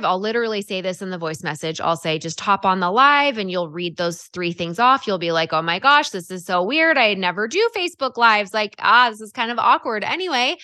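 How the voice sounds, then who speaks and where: A woman coaching direct sellers in a chatty, animated way, acting out example scripts as she goes. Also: medium pitch, no echo, studio quality. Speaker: sales coach. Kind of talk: coaching talk on social selling.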